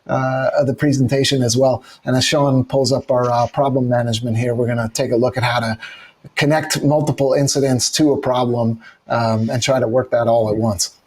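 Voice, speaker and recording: Husky-voiced man moderating a webinar. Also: mid-range voice, a little fast. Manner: relaxed, filler-heavy moderating. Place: office.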